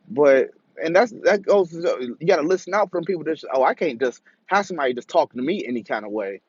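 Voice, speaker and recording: A man's voice: medium pitch, slightly rough, no echo. A man telling a casual, profane story as a monologue and acting out the voices he quotes. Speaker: vlogger. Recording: dull lo-fi dry recording.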